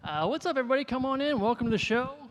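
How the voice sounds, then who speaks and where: A man doing a stand-up comedy set before a live audience, telling animated self-deprecating stories. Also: very high voice, very fast, slight background noise. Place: live venue with audience, reverberant room. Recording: live venue with long reverb.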